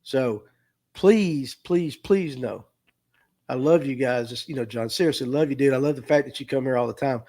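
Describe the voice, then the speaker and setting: Through a streaming mic, a middle-aged Southern tackle shop owner talks fast with hardly any pauses, his medium-pitched voice darkish and fairly even in intonation. He's earnest and emotional on this livestream, repeating himself, nearly crying, speaking casually from the heart.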